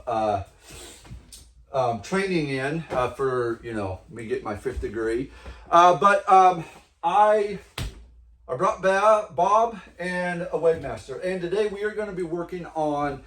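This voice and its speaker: A man's voice: fairly high pitch, expressive, slow pace, fairly bright tone. A man teaching martial arts in a casual, rambling way, a little out of breath, with lots of fillers and restarts. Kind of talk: casual instructional talk.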